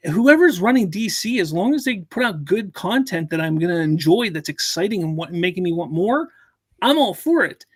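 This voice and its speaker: A man hosting a casual live stream, his voice pitched a little high. He rambles in an animated way and circles back over his own words. The sound is dry and close. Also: moderate pace, slightly rough, no room sound. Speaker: host.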